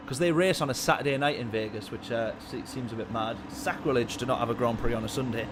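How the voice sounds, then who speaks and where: A man commentating live on a sim-racing stream, chatting with viewers in his chat and getting excitable in the race. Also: mid-range voice, quick pace, background noise. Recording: game music behind voice. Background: game music and car engine sounds.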